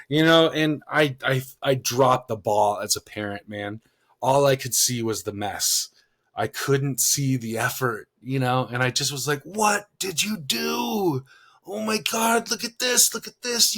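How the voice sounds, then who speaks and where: Man, podcast co-host, casual storytelling, lots of "you know", mid-pitched voice. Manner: rambling, many fillers, animated when quoting himself.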